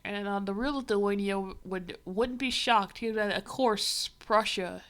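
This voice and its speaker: Reading a comic on a livestream, this woman talks a little slowly in a mid-range, slightly bright voice. She keeps up a wandering, wry commentary full of filler words.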